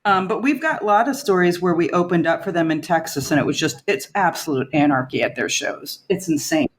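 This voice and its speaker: A woman's voice: fairly low pitch, brisk. A woman in a band, a podcast guest telling rambling stories in a casual, chatty way and laughing often. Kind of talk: casual storytelling.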